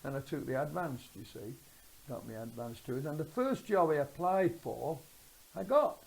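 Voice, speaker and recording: Gravelly older Mancunian woman reminiscing. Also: sits low, expressive, moderate pace, a little mellow, low-quality recording. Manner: rambling anecdotal storytelling. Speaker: interviewee, former swimming teacher. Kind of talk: oral history interview.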